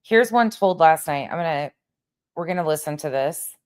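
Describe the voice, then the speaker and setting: A woman's voice: low voice, animated, normal speed, smooth. A woman hosting a livestream commentary, frustrated and searching for words. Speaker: commentary host.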